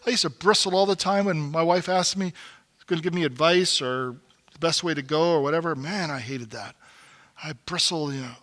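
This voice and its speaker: A man's voice: a little high, normal speed, fairly bright tone. A middle-aged man speaking to a men's group, telling a folksy story and acting out the quotes he tells. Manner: folksy, acts out quotes, rises to emphatic exhortation. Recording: long hall reverb.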